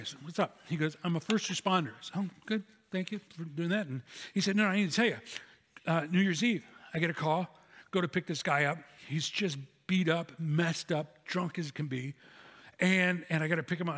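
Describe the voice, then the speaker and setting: A man's voice: high voice, fairly bright tone. A man preaching a sermon as pastor, earnest and telling stories, repeating key phrases for emphasis. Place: church sanctuary. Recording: long hall reverb.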